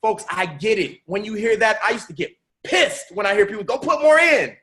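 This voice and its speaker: A man giving a motivational talk on a business webinar, preaching, repeating phrases and rising to shouts. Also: high-pitched, animated, brisk. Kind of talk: motivational speech with storytelling.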